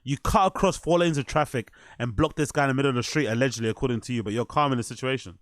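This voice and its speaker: A man's voice: mid-range voice, rapid-fire, no room sound. A man hosting a stream, reacting to a podcast clip with incredulous, mocking, profane commentary. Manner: incredulous, mocking, swears a lot.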